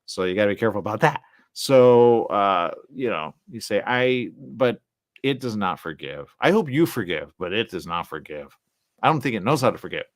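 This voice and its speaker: Rambling low-voiced male radio host. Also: moderate pace, dry recording, studio quality. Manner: animated, jumps into high-pitched quoted voices, trails off into mumbling. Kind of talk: rambling solo radio talk.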